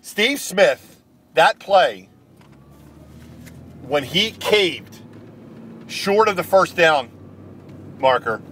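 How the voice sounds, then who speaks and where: A man's voice: on the high side, lively intonation, extremely slow, pauses often, a bit bright, a little hiss or hum. A man angrily ranting as a vlogger in sports commentary, emphatic and repetitive, recorded outdoors. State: angry. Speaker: video blogger.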